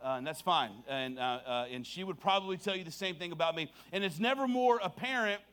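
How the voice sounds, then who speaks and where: A man's voice: high-pitched, animated, fairly quick, fairly bright tone, clean tone. A man preaching a sermon as pastor, moving from prayer to humorous stories to impassioned preaching.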